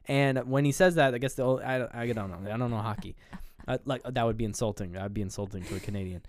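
A man's voice: mid-range voice, quick pace, slight background noise. A man co-hosting a podcast, rambling through a movie plot with laughs. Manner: rambling retelling of scenes, laughs often. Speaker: podcast co-host. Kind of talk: casual movie review chat.

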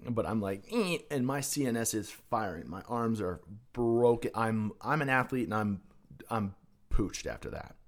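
Male podcast guest with a lowish voice, casual and salty, dropping quiet then bursting loud. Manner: animated, profane, swings between hushed and loud. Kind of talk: casual personal storytelling.

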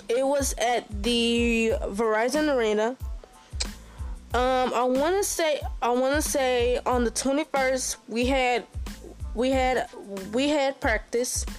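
A young woman giving a casual personal update, full of halting restarts and repeated exclamations. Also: a little high. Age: young adult. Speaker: recent high school graduate.

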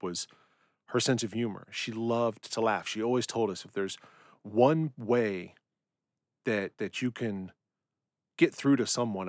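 A middle-aged man speaks in a fairly low voice as he hosts a personal podcast. He tells family stories in an easy, unhurried way, with plenty of ums and uhs. The sound is dry, with no room echo. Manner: relaxed storytelling with frequent fillers. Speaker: podcast host. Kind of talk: personal reflective monologue.

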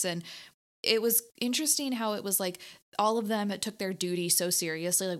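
A woman's voice: mid-range voice, steady tone, normal speed. Chatty woman gushing about a movie. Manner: chatty, enthusiastic, laughs often. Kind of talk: casual movie discussion.

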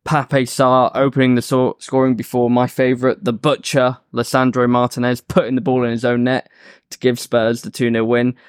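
A man's voice: medium pitch, monotone, moderate pace, smooth, dry recording, clean studio sound. A man hosting a casual football podcast, laid-back and swearing casually as he sets up the next segment. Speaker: podcast host.

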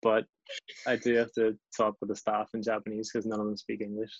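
A man with a Northern Irish accent chatting casually as a guest, relaxed and self-deprecating, often restarting his sentences. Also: on the low side, brisk, dry recording. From Northern Ireland. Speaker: guest, English teacher abroad. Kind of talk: casual chat. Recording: dull lo-fi recording, dry.

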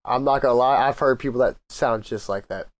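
A man co-hosting a podcast in casual chat, chiming in with quick jokes. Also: mid-range voice, dry recording. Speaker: podcast co-host.

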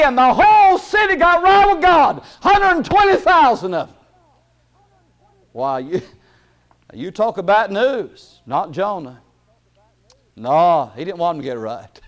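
A man preaching a sermon in a folksy way, chuckling often and hesitating with fillers, then rising into loud emphatic bursts. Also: high voice.

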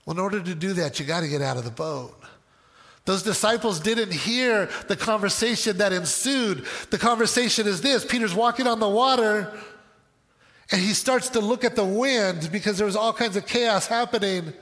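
A male pastor preaching a sermon in an animated way, with joking asides. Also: sits high, normal speed, long reverb tail.

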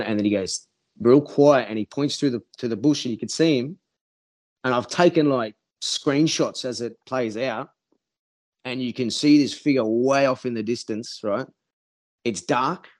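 A man telling a rambling story in casual chat, swearing a lot and acting out what people said. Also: mid-range voice. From Australia. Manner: rambling, heavy swearing, acts out quotes. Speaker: podcast guest.

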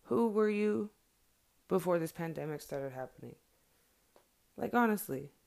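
Blunt, gravelly-voiced woman venting. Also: lowish voice, expressive, unhurried, a little mellow. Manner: blunt, heated, profane. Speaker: mother sharing her views. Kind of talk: candid monologue to viewers.

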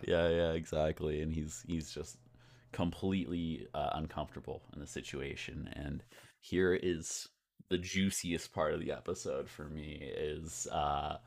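Podcast host guy, really low gravelly voice, rambly and casual, swears a bit. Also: level tone, a little slow, a little mellow.

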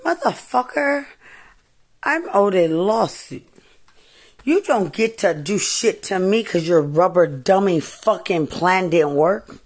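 A woman, a mother, delivering an angry, profane rant that keeps circling back to the same accusations and often breaks into shouting. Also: medium pitch. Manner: furious, accusing, repetitive, swings into shouting.

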